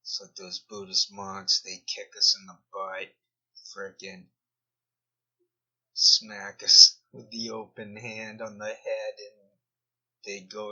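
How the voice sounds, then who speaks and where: A man's voice: lowish voice, completely flat delivery, takes it slowly, sharp tone, slightly rough. A man giving rambling commentary over a screen recording, often trailing off mid-thought, captured in a dull lo-fi recording. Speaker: video commentator.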